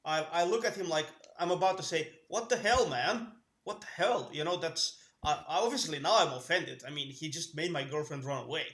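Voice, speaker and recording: A man's voice: fairly high pitch, a little fast, few pauses, fairly bright tone, reverberant. A man playing his character in a tabletop game, talking earnestly with many restarts. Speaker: player. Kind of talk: in-character tabletop role-play.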